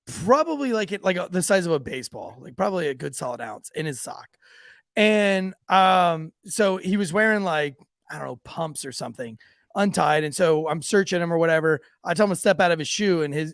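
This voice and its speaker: Animated, gravelly-voiced man telling cop stories. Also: on the high side, a little fast, no echo, studio quality. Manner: profane, laughing, acts out voices in stories. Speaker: podcast host, police officer. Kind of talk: casual storytelling banter.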